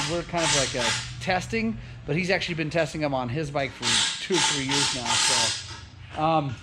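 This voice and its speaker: Enthusiastic male shop-owner vlogger, slightly high voice, casual and filler-heavy, faint noise in the background. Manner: upbeat, enthusiastic, many fillers. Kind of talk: casual vlog talk to camera. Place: motorcycle repair shop.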